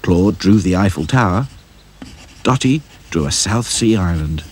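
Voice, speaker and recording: A man narrating a children's storybook in a lively, sing-song way. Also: sits low, a little slow, slightly rough. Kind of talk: storybook reading.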